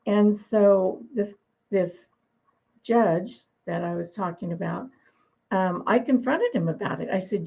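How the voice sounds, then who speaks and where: A woman dog breeder tells her stories in a relaxed, opinionated interview. Her voice is gravelly and husky, with a grainy, rough texture. She talks in a chatty way and laughs easily. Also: mid-range voice, a little slow, low-quality recording. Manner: chatty, opinionated, laughs while telling anecdotes. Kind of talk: conversational interview storytelling.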